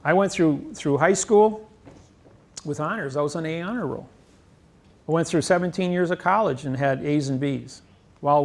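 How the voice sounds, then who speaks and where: Gravelly, boastful man lecturing. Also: on the high side. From United States. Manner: boastful, emphatic, rambling self-praise. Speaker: seminar lecturer. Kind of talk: lecture on grammar.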